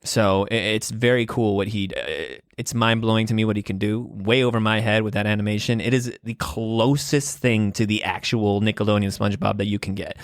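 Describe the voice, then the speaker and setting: A man's voice: on the low side, a bit bright, no echo, clean studio sound. A man in his twenties from Wisconsin hosting a casual solo podcast from a room at home, talking in a rambling, hesitant way with many ums and restarts and frequent laughs. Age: 20s. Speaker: podcast host. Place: room at home with guitars on the wall.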